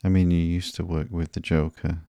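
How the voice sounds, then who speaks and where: A man's voice: sits low, little pitch movement, moderate pace, dark tone, no room sound, clean studio sound. A man reading as a guilty young ex-henchman. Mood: earnest, guilty. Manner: earnest, hesitant.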